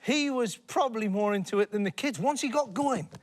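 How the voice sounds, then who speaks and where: A man's voice: high voice, a little fast. An English man telling a rambling comic story on a TV panel show, laughing as he talks. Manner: rambling, animated, laughing through his words. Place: TV studio with audience.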